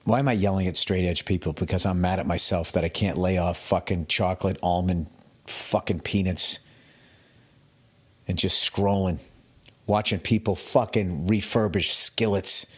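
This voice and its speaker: A man's voice: deep voice, steady tone, moderate pace, husky. A middle-aged man hosting his podcast alone, ranting in a profane, self-mocking, comedic way. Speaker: podcast host. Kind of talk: solo comedic podcast rant.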